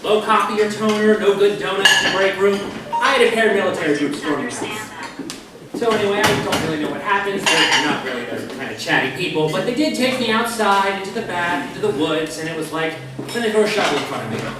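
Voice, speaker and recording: A man spins a dark comic tale with dry, offhand delivery, tossing in fillers as he goes. He sounds far from the mic in a boomy hotel bar room, with cutlery and dishes clattering steadily behind him. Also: a little fast, heavy reverb, very noisy. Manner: wry, deadpan storytelling with fillers. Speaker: reader at a live event. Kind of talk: comic story reading.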